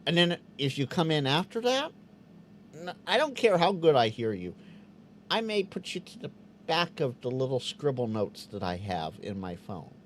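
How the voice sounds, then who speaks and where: A man hosting a casual live Q&A stream, reading out chat questions and answering them with quick restarts. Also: mid-range voice, a little hiss or hum. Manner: animated, stammering restarts, acts out quoted voices.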